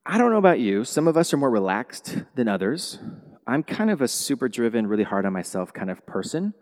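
Guy pastor preaching in a church, super animated, big echoey hall sound. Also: mid-range voice, brisk. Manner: animated, swings from quiet to loud exclamations. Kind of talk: sermon. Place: church sanctuary. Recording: long hall reverb.

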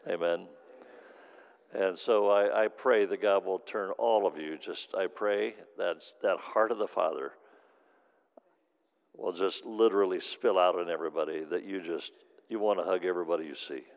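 A man preaching a sermon in a church, his voice very low and gravelly. He tells his story in a quiet, heartfelt, earnest way. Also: fairly even intonation, normal speed. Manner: speaks in tongues, then earnest testimony.

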